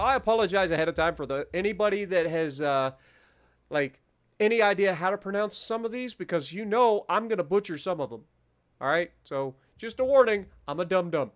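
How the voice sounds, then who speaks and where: A man with a fairly high voice hosts his own gaming channel. He talks through his rankings in a loose, chatty way, with plenty of fillers and restarts. He pokes fun at himself as he goes. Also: a bit bright. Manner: chatty, self-deprecating, many fillers and restarts. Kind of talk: casual gameplay commentary.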